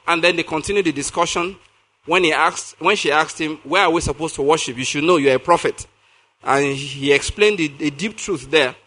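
A man preaching a sermon, reading scripture slowly and asking his listeners questions. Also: on the high side, pushed and bright. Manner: reads scripture slowly, then asks the congregation questions.

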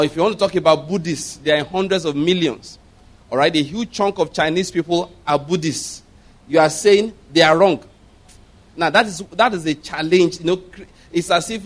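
Male preacher, slightly raised pitch, teaching sermon with call-and-repeat and rhetorical questions. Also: moderate pace. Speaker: pastor.

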